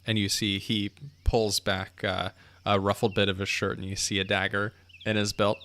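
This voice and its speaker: Game master, man, low voice, unhurried narrator, video call. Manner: descriptive, relaxed narration with filler ums.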